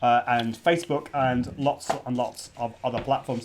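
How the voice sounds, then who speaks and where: A man's voice: mid-range voice, fairly even intonation, moderate pace, background noise. A middle-aged man hosting a live stream launch party, chatty and prone to restarts. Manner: chatty, restarts often, interrupted by kids. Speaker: podcast host. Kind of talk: casual livestream talk.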